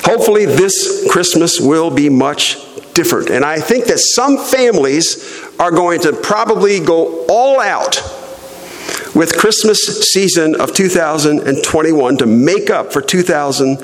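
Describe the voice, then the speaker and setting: A middle-aged man preaching a sermon as pastor, slow and emphatic, leaning hard on stressed words. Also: fairly high pitch, lively intonation, long reverb tail, poor audio.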